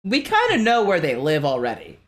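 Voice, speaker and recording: A man's voice: sits high, wildly swooping pitch, a little fast, a bit bright. A young man co-hosting a podcast, chiming in with dry wisecracks during casual banter. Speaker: podcast co-host.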